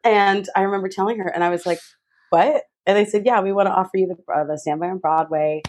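A young woman telling a lively personal story as an interview guest, acting out other people's voices with big jumps in pitch. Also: quick pace. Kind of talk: animated storytelling.

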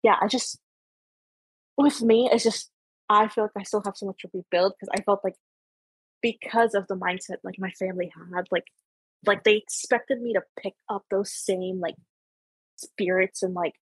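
A woman's voice: mid-range voice, steady tone, normal speed, long pauses, slightly rough, dry recording, low-quality recording. A young woman with a Canadian accent from Ontario, hosting a podcast in casual chat, rambling with many fillers. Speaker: podcast host.

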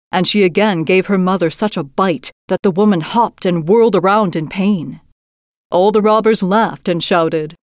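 A woman host narrating a fairy tale in a measured, expressive scripted reading. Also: mid-range voice, no echo, studio quality. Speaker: storyteller host.

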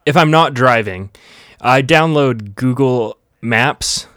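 A man's voice: mid-range voice, takes it slowly, fairly bright tone, dry recording. Storytelling man, dry close sound. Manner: storytelling, swears when frustrated, laughs at himself. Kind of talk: casual chat.

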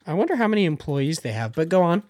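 A man's voice: fairly high pitch, very animated, fast, a little mellow, dry recording. Casual man with a dry close voice. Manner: rambling, many "like" fillers. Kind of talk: casual gaming podcast chat.

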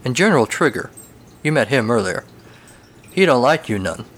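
A man's voice: mid-range voice, sing-song, moderate pace, fairly bright tone, slightly rough. A man voicing a laid-back, folksy male stable horse in a storybook tale, with a casual, dry drawl.

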